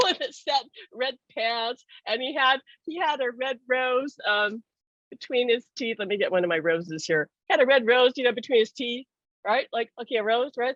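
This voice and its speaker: A woman's voice: a little high, dry recording. Earnest middle-aged woman telling a story. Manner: earnest, animated storytelling with laughs. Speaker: author and host. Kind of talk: casual talk to camera. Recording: dry, dull lo-fi sound.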